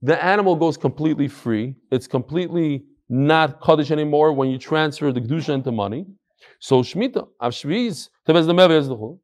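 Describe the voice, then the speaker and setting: Brief: male Torah teacher, fairly high voice, lively storyteller who repeats phrases to drive a point home. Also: brisk. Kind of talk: Talmud class with stories.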